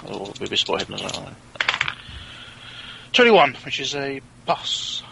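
A man playing a tabletop game, asking questions in a halting way. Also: medium pitch, very animated, gravelly, noisy background. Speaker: player.

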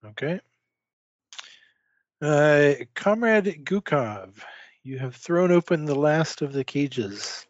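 A man narrating a tabletop game as game master, speaking haltingly with many filler pauses. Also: fairly high pitch, very animated, dry recording. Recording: dull lo-fi dry recording.

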